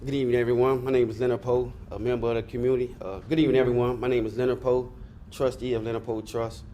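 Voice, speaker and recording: Middle-aged man, mid-pitched, earnest and frustrated, faint noise behind. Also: little pitch movement, quick pace, warm tone. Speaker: community member giving public comment. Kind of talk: public hearing testimony.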